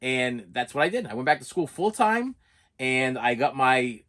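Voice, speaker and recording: A middle-aged man hosting a movie collecting channel, telling a personal story in a halting, emotional vlog monologue and repeating his words as he goes. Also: medium pitch, very animated, a bit bright. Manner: halting, repeats words, voice rises when upset.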